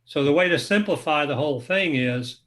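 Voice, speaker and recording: A man speaking in a measured, explanatory way on an online panel discussion. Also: on the high side, lively intonation, fairly bright tone.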